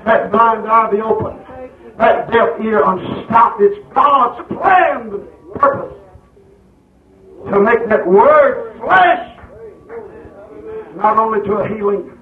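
A man preaching a fiery sermon, shouting and stretching words for emphasis. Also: sits high, lively intonation, slow, pauses often. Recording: echoey hall, far from mic, tinny lo-fi.

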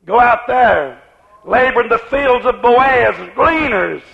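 A man preaching a fiery revival sermon, shouting in a chanting cadence, on a muffled lo-fi recording. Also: very high-pitched, lively intonation, slow pace, creaky.

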